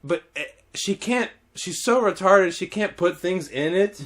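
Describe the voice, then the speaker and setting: A man hosting a podcast, telling a story in casual chat, animated, laughing often and swearing freely. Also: high voice, a little slow.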